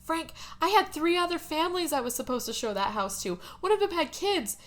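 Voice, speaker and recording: A woman's voice: extremely high pitch, sing-song, brisk, voice pushed up. A woman voicing a frantic male realtor who fusses over lost buyers, in a whiny, over-the-top way. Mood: fretful.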